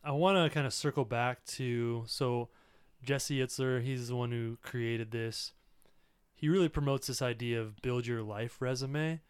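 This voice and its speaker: Man, 30s, podcast host, earnest, reflective, smooth resonant voice, dry close sound. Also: mid-range voice, fairly even intonation, measured pace, dry recording. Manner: earnest, reflective, many "like" fillers. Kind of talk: casual conversational podcast.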